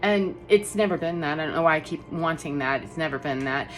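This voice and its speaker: A woman's voice: deep voice, fairly quick. A middle-aged woman telling a personal story in a rambling, casual monologue, laughing often between fillers. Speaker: energy healer vlogger.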